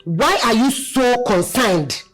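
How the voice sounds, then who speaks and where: A woman's voice: on the high side, expressive, slow, faint music behind. An actress with a Nigerian accent playing a middle-aged village mother who questions her daughters. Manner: probing, questioning. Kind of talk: Nollywood film acting.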